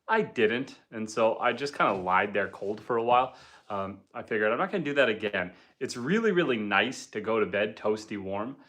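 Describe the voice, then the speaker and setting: Bright-voiced homesteader chatting on a livestream. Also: male voice, lowish voice, lively intonation, normal speed. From Canada. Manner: easygoing, chatty, with frequent ums and uhs. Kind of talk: casual livestream chat, reading viewer comments. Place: indoors at home by a wood stove fire.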